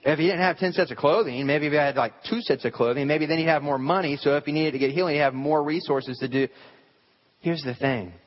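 A pastor preaches in a church sanctuary, speaking conversationally and putting rhetorical questions to the congregation. His voice is on the high side and quick. The sound is dull and lo-fi, with hall reverb.

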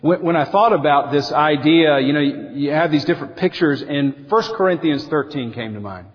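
A man preaching a sermon as pastor, animated, acting out quotes with big swings in pitch. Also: normal speed. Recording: dull lo-fi sound with long hall reverb.

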